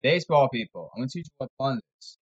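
A man's voice: mid-range voice, sing-song, quick pace, muffled recording. A man giving a rambling, sarcastic sports commentary monologue, exasperated and jumping from topic to topic. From New York area.

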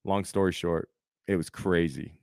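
His voice is low, gravelly and somewhat dark, delivered at normal speed in a clean studio recording with no room sound. The man, in his thirties, co-hosts a podcast and tells a story in casual chat, acting out quotes and frequently calling things "dude."

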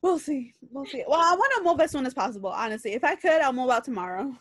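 Young woman, high voice, chill quick replies, dry close mic. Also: very animated, fairly bright tone, no room sound. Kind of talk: casual chat.

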